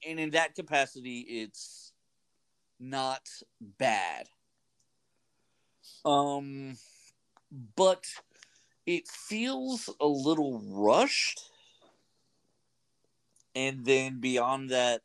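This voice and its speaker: Chatty radio host. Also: male voice, mid-range voice, big pitch swings, very slow, pauses often, clear, resonant tone. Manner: rambling, chatty, lots of fillers. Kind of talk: casual radio talk. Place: radio studio.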